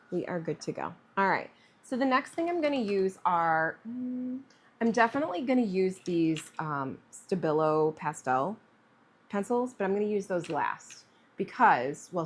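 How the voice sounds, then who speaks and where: A woman artist talking through a live painting demonstration in a chatty way, thinking aloud with fillers. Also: medium pitch. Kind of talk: live-streamed painting demo.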